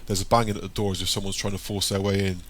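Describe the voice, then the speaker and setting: A man reading an audiobook in a steady, descriptive way. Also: low-pitched, rapid-fire, background noise. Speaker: audiobook narrator. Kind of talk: audiobook narration.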